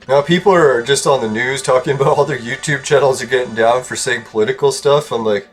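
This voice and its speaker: A man's voice: medium pitch, brisk, few pauses, husky. Young male streamer, mumbly, rambling, chuckling at his own jokes. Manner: rambling, chuckles often, self-mocking asides. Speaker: gaming streamer. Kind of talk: casual rambling chat while gaming. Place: home room with painted walls.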